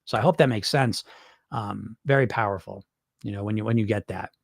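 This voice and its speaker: A man's voice: fairly low pitch, brisk, vocal fry, no room sound, clean studio sound. A middle-aged man, a weight loss coach, talking casually and bluntly to his viewers. He keeps checking in with "okay?" and "right?". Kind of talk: casual live-stream coaching talk.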